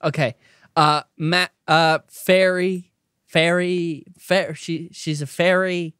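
A young man co-hosting a podcast in casual chat, goofy and excitable, laughing a lot. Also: fairly high pitch, takes it slowly, smooth. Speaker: podcast co-host.

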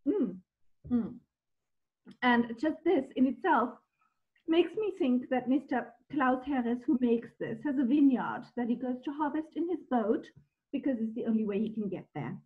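A woman's voice: sits high, animated, normal speed. Woman on a tinny call line. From Germany. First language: German. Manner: enthusiastic, descriptive, frequent ums. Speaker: guest wine expert. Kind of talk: conversational video discussion. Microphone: video call.

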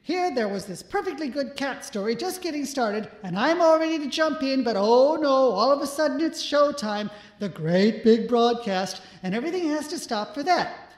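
A woman's voice: high-pitched, expressive, moderate pace. A woman voicing a chatty, complaining disembodied voice that rambles on. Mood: nagging. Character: nagging disembodied mystery voice, woman. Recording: roomy echo.

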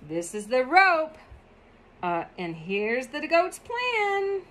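Slow, expressive woman reading a picture book. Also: high voice. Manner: expressive, with chatty asides about the pictures.

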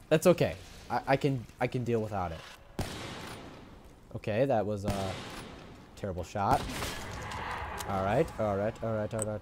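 A young man giving live commentary over his own gameplay, excitable, swearing, rambling and repeating himself as he plays. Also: fairly low pitch, normal speed, pauses often, background noise.

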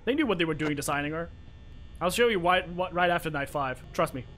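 A man's voice: on the high side, animated, brisk, very noisy. A young man streaming a horror game live, swearing freely and bantering with his chat. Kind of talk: live gameplay commentary.

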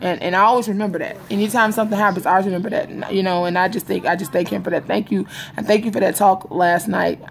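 Rambling, confiding woman with gravelly voice. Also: mid-range voice, steady tone, fast, hardly any pauses, slight background noise. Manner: rambling and confiding, repeats herself, addresses viewers as y'all. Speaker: vlogger. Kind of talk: casual vlog chat to viewers. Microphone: phone or webcam in front of her.

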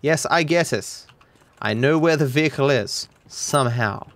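A young Australian man giving live gameplay commentary, excitable and swearing in quick outbursts at the game. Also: on the high side. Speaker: streamer.

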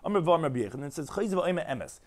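Rapid-fire rabbi teaching Talmud. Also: male voice, on the high side, sing-song. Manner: rapid explanatory delivery, reads and translates text line by line. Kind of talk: daily Talmud lesson.

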